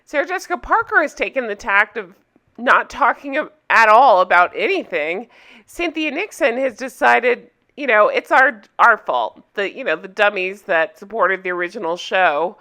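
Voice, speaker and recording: A woman's voice: medium pitch, sing-song, moderate pace, pushed and bright. A woman hosting a casual commentary vlog, ranting bluntly and swearing freely, with a sarcastic edge. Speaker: YouTube commentary host.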